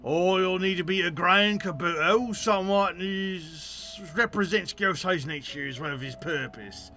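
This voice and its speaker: A man voicing a proud, hearty male blacksmith in a game, with rough sailor-like speech and dropped words. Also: high voice, unhurried, sharp tone, full character voice.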